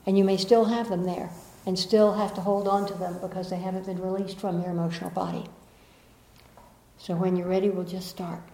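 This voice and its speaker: A woman, leading a group workshop in a room and moving from playful asides to slow, soothing guidance. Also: medium pitch, level tone, dark tone. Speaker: workshop facilitator. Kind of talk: guided group workshop talk. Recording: echoey room.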